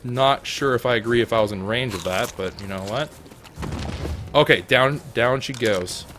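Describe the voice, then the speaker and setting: A young man giving jokey, excitable let's-play commentary, talking to the animals in his game. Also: medium pitch, moderate pace, a little hiss or hum. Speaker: gaming YouTuber.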